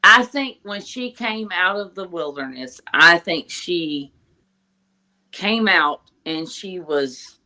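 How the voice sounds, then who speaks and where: A middle-aged woman hosting a casual chat, talking in halting, chatty bursts. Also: on the low side, lively intonation, pushed and bright. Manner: halting, chatty, quotes characters in asides. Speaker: podcast host.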